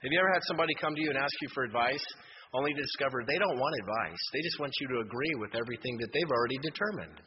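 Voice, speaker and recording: A man's voice: mid-range voice, animated, racing. A man preaching a sermon as a pastor, telling stories and rising to emphatic exhortation. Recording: muffled hall reverb, faint noise.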